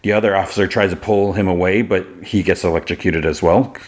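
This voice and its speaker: Male podcast host with a deep voice, casual and rambling, peppers the recap with fillers. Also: steady tone, brisk. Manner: rambling retelling, full of fillers like "like" and "you know".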